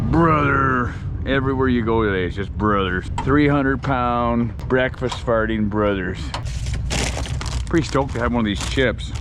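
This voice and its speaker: A man hosting a casual road-trip vlog, talking in a profane, rowdy, excitable way into a handheld phone in his truck and outdoors. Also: mid-range voice, noisy background. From Canada. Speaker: vlog host.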